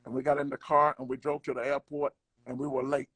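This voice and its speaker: Older man telling an animated story. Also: mid-range voice, quick pace, slightly rough, dry recording. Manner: animated storyteller acting out quotes. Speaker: guest comedian. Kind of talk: storytelling in casual conversation.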